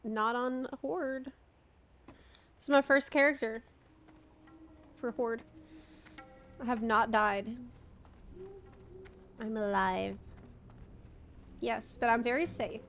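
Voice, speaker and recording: High-voiced woman streamer in her thirties. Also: fairly even intonation, slow pace, long pauses, fairly bright tone, faint music behind. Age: 30s. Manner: chatty, laughs often, swears casually, replies to chat. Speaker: game streamer. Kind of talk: casual live-stream chat while gaming.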